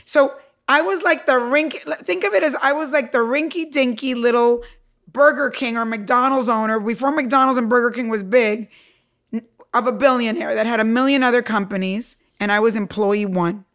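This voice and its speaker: Speaking at a normal speed in a fairly high voice, this middle-aged Cuban woman is an entrepreneur guest sharing her story on a podcast. She brings emphatic energy, stays animated, and performs the quotes she relays.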